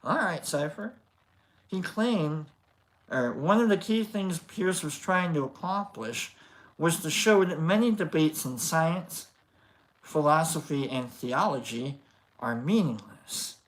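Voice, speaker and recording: Slow, chatty host reading philosophy. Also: mid-range voice, animated. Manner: stops to restate and stress phrases, jokey asides to chat. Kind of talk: reading a philosophy book aloud with casual asides.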